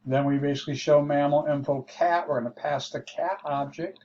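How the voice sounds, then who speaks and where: A man teaching a programming lesson, walking through code slowly and thinking aloud as he explains. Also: fairly high pitch, steady tone, darkish tone. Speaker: programming instructor. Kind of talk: screen-share coding lesson. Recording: dull lo-fi mic with faint hiss.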